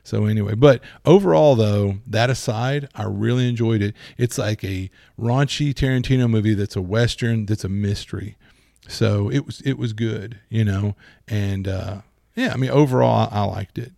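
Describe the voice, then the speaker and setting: A man chatting casually about movies, rambling and animated with many restarts. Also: lowish voice, normal speed, vocal fry, no echo, clean studio sound.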